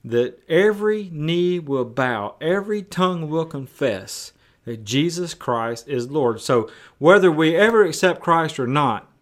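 A man's voice: fairly high pitch, animated, measured pace. A male pastor preaching a sermon in a conversational way, often repeating words and restarting.

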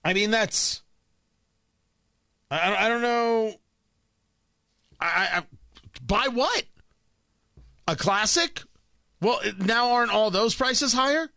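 Guy doing a talk radio rant, high bright voice, keeps stumbling and restarting, dry close sound. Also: slow pace, pauses often, dry recording. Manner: rambling, stammering restarts, sarcastic asides. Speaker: radio talk show host.

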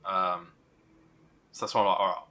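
Young male podcast co-host, low bright voice, loose conversational delivery. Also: little pitch movement, normal speed. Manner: thinks aloud with restarts and soft laughs. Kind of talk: casual chat.

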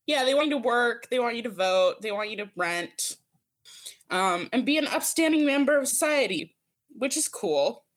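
A woman's voice: fairly high pitch, animated, normal speed. A woman guest chatting casually on a podcast, laughing often and full of fillers. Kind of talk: casual chat.

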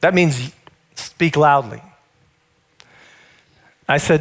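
A male pastor with a high, light voice delivers a sermon. He talks in a conversational storytelling manner and speaks to his listeners directly. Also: slow, pauses often.

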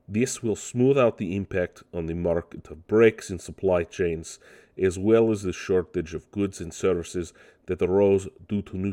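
A man doing a deliberately bad Russian accent while reading an official statement aloud in a deep voice. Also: dark tone. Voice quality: exaggerated put-on Russian accent.

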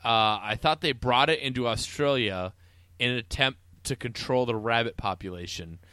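A man's voice: mid-range voice, normal speed, pushed and bright, smooth, no echo, studio quality. A man co-hosting a casual movie podcast, telling stories and rambling with fillers. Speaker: podcast co-host. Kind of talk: casual chat about a movie.

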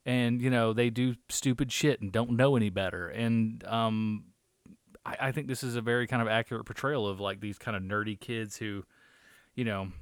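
A man's voice: on the low side, steady tone, moderate pace, smooth, dry recording, studio quality. A man co-hosting a movie review podcast, chatting casually in a rambling way, with lots of swearing and fillers. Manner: rambling, profane, filler-heavy. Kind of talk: casual chat.

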